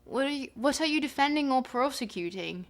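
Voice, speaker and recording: A woman's voice: sits high, lively intonation, brisk, pitched above the performer's own voice. A woman reading the part of an inquisitive older male Greek philosopher with a probing, questioning delivery. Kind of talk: live reading of a dialogue.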